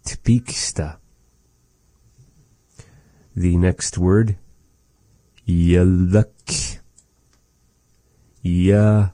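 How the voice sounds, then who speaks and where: A man giving a casual vocabulary lesson, repeating each word slowly and adding chatty, joking asides. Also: low voice, steady tone, mellow, no echo. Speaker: language teacher.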